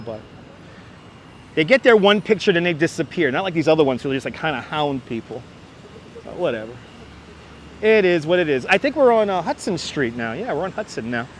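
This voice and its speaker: A high-voiced man with a Brooklyn accent talks into a wireless clip-on mic while walking city streets. He chats animatedly with his livestream viewers. Traffic hums faintly behind him. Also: brisk. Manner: chatty, animated, often thanking viewers by name. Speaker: livestream host.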